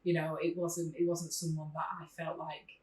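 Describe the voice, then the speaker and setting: A woman's voice: low-pitched, normal speed. A woman, a podcast guest telling stories in casual chat, swearing freely and laughing as she talks. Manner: animated storyteller, swears freely, laughs while talking. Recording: roomy, distant mic.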